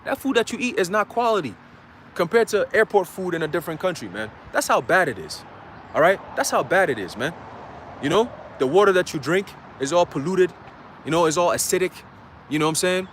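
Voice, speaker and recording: Guy preaching on a livestream, kinda high voice, loose slangy street talk with cussing, keeps asking "you know?". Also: animated, fairly quick, slight background noise. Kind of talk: informal livestream sermon.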